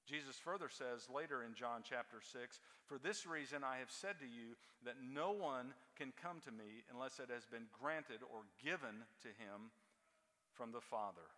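A male preacher delivers a sermon with a bright, forceful voice. He is emphatic, repeating key words for weight. His voice rings out with the long reverb of a large church hall. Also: mid-range voice, normal speed.

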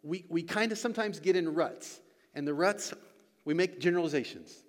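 A man's voice: on the high side, moderate pace. A man preaching a sermon as pastor and church elder, earnest and repeating his key lines for emphasis. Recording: long reverb of a large hall.

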